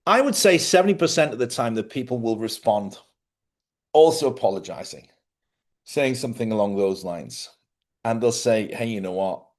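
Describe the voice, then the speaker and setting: A man's voice: medium pitch, animated, normal speed. A man hosting a live spiritual talk show from a studio, speaking in a rambling, conversational way and often checking in with listeners. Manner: rambling, conversational, repeats himself and asks listeners "yeah?". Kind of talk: casual live-stream talk.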